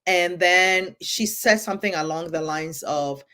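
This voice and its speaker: A woman who moved to the United States, talking fast and with emphasis in a candid conversation, acting out what people say to her. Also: lowish voice, pushed and bright. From immigrant to the United States. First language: English. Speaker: podcast co-host.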